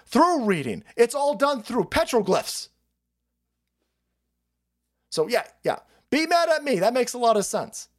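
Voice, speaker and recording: High, animated foul-mouthed male ranter. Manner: foul-mouthed, animated, mocking voices of opponents. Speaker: livestream host. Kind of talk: profane political rant.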